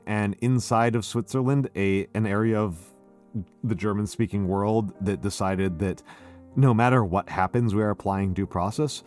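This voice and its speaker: A man's voice: on the low side, a little mellow. An older American man hosting a casual, tipsy drinking stream, rambling and self-deprecating, swearing freely. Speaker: streamer host.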